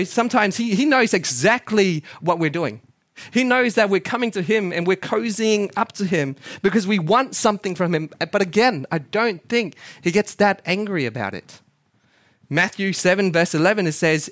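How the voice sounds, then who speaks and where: A young man with a high voice gives a relaxed, story-filled church talk. He is chatty and pokes fun at himself, and he often turns to the congregation with questions. The sound is close and dry, with no room echo. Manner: chatty, self-mocking, asks the congregation questions. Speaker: church speaker. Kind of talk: casual storytelling sermon.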